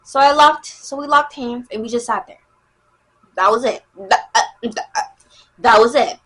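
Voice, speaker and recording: A young woman, telling a casual storytime vlog in a chatty, animated way. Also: on the high side, moderate pace, husky. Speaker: vlogger.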